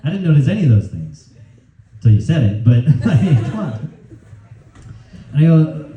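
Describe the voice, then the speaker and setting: A man's voice: medium pitch, very animated, normal speed, pauses often. A young man doing a stand-up set, telling a story in a loose, rowdy way, often laughing mid-line, on a club stage with a handheld mic. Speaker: stand-up comedian. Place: comedy club stage, live audience. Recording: roomy, distant, dull club recording.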